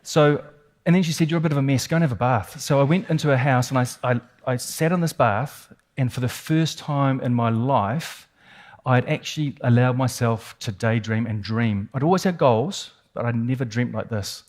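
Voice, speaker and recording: A man's voice: mid-range voice, normal speed, a little mellow. A man with a New Zealand accent giving a keynote talk, telling a dramatic personal story with vivid, suspenseful detail and emphatic repetition. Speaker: keynote speaker.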